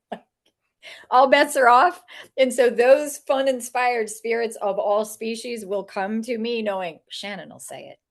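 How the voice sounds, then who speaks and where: A woman with a mid-pitched voice tells comic anecdotes with animated energy, laughing often as she goes. She slips into playful voices for the people she quotes. She talks in an easy storytelling manner. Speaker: author and animal communicator. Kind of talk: storytelling interview talk.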